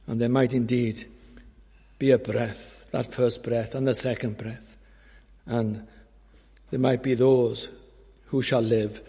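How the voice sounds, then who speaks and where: A man preaching a fervent sermon and leading prayer, swelling to ringing cries and sinking back to hushed tones. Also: mid-range voice, breathy edge. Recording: long reverb of a large hall.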